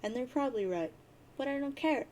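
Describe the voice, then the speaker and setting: A woman's voice: high voice, animated, brisk, darkish tone, slight background noise, voice pushed up. A woman reading a webcomic aloud, voicing a blunt, teasing blind teenage girl in a bossy, mocking way.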